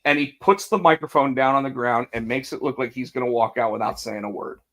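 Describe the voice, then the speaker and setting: A man's voice: medium pitch, a little fast. A man co-hosting a casual wrestling podcast, telling the story with energy, acting out quotes and restarting his sentences often. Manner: animated storytelling, acts out quotes, many restarts. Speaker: podcast co-host.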